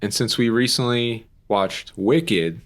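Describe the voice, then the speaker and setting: A young man co-hosts a podcast, rambling through a casual chat with lots of "like" and the occasional curse word. He speaks slowly at a medium pitch.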